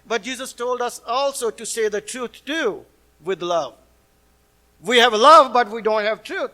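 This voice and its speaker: High-pitched, bright-voiced male preacher. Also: measured pace, low-quality recording. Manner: earnest, blunt preaching with broken non-native English phrasing. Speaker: pastor. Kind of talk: sermon.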